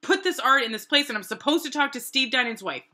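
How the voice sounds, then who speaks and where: A middle-aged woman from New Hampshire, casually telling her own story and acting out what people said. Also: fast talker. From New Hampshire, USA. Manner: animated, acts out quoted voices with big pitch jumps.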